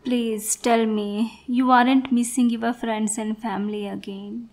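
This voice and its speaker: Woman playing a creepy possessive yandere girl, whispered role-play, soft and sweet, slow, slightly high. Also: little pitch movement. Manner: soft, sweet, quietly controlling. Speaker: ASMR role-play performer.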